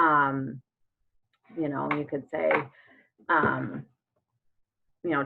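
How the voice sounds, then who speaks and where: A woman's voice: sits low, unhurried, gravelly, pauses often. A woman in her thirties coaching in a chatty way, full of fillers and acted-out sample chats. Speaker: network marketing coach. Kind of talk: casual coaching talk. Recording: phone-like narrow sound.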